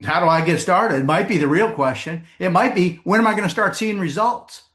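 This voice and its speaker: Animated man giving a sales seminar. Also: high voice. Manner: storytelling with comic voices and quick asides. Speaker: sales trainer presenter. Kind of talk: live seminar presentation with audience.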